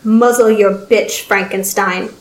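Woman as vampire count, imperious, cold, slow and measured, roomy echo. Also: a little high, fairly even intonation, a little mellow, lightly acted. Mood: cold disdain.

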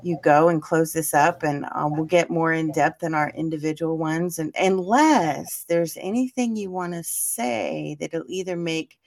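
A woman hosting a casual group chat, effusive and quick to laugh. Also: low-pitched, gravelly, a little mellow. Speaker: host.

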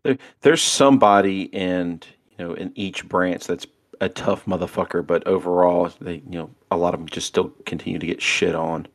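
A man's voice: low voice, moderate pace, no room sound, studio quality. A man narrating a tabletop game as game master, hesitant and full of fillers.

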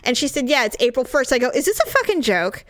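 A middle-aged woman co-hosting a casual chat, talking in an animated way and swearing freely. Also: quick pace, no room sound. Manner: animated, swears freely, swings up high when riled. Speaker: podcast co-host.

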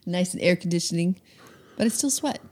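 A woman in her thirties co-hosting a podcast, enthusiastic and quick to cut in during casual banter. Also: lowish voice, lively intonation, a little mellow. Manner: enthusiastic, talks over others. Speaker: podcast co-host.

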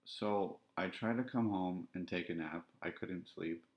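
A man hosting a podcast, telling a personal story in a reflective, halting, candid way. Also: low-pitched. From Canada. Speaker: podcast host. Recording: dull lo-fi sound.

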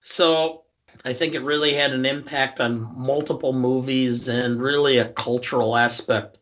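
A man co-hosting a film podcast, talking through his rating in a halting way with fillers. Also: medium pitch, fairly even intonation, fairly bright tone. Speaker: podcast co-host. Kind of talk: casual film review chat. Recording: slightly dull lo-fi podcast audio.

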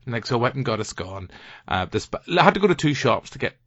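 A man's voice: mid-range voice, big pitch swings, fast, a bit bright, no room sound. A man with a Northern Irish accent hosting a podcast, bantering and teasing his co-hosts and putting on voices for others. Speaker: podcast host. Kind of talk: casual chat. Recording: dry, muffled lo-fi audio.

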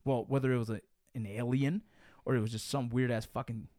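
Young guy, quick, swears constantly, dude-and-bro storyteller, dry close mic. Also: medium pitch, no room sound. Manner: profane, animated, says dude and bro. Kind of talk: casual storytelling chat.

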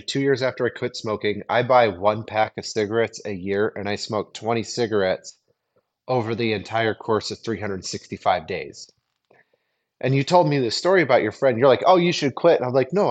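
Man, casual podcast chat, animated storytelling, laughs a lot. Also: lowish voice, fairly quick. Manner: animated storyteller, acts out quoted dialogue, laughs often. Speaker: podcast guest.

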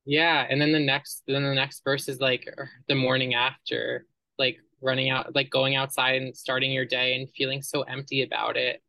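A man's voice: mid-range voice, flat delivery, normal speed, gravelly, bright, forceful tone, no echo, poor audio. A young man co-hosting a casual music podcast, talking in an effusive, gushing way. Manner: effusive, gushing, quotes lyrics aloud. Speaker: podcast co-host. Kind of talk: casual chat.

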